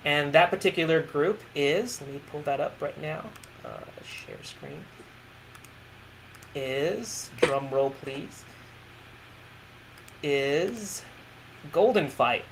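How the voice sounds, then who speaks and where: A man's voice: fairly high pitch, very animated, slow pace, long pauses, noisy background. A man hosting a casual interview over a video call, talking earnestly with many restarts. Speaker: podcast host.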